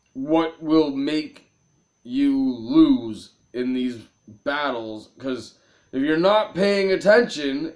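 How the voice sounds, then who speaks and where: A man's voice: fairly high pitch, darkish tone. A man angrily commenting on a video game he just lost, cursing and ranting at himself. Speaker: gameplay video host. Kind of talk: frustrated gameplay commentary.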